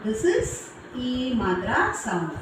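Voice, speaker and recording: A high-voiced woman teacher sounds out syllables very slowly, one by one, and explains each step in plain, halting English. She is recorded in a strongly echoing room, with a faint hum of noise behind her. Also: sing-song. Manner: slow, syllable-by-syllable dictation with non-native English phrasing. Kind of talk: classroom lesson on Hindi vowel signs.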